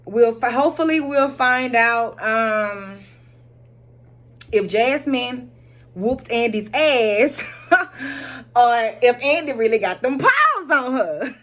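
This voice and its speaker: A woman hosting a casual recap of a TV drama episode, animated and blunt, swearing freely and laughing often as she retells the scenes. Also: on the high side, slow, pauses often.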